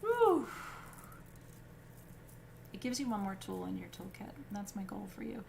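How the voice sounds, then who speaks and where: A woman leads a live spiritual class in a loose, conversational way. She strings her points together with frequent "um"s and "right?"s and breaks into easy laughter. Her voice sits at an ordinary middle pitch, with a faint hiss of noise behind it. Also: quick pace, creaky, darkish tone. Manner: chatty and informal, with many fillers and "right?"; laughs easily between points. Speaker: spiritual teacher.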